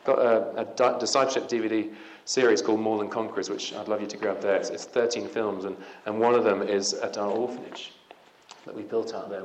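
A man's voice: lowish voice, a little hiss or hum. A man giving an evangelical conference talk, conversational and punchy, with emphatic rising passages. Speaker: conference speaker. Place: conference hall. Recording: echoey hall.

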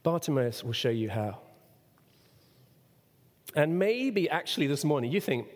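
A male pastor delivers a sermon in a bright, fairly high voice. He asks the listeners questions and now and then rises to a shout. The voice rings out with the long echo of a church hall. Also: unhurried, long pauses. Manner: expressive preaching, rhetorical questions, sudden shouts.

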